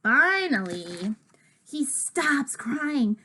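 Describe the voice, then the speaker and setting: A woman's voice: medium pitch, animated, unhurried, fairly bright tone. A woman reading a children's book aloud in a playful first-person child's voice.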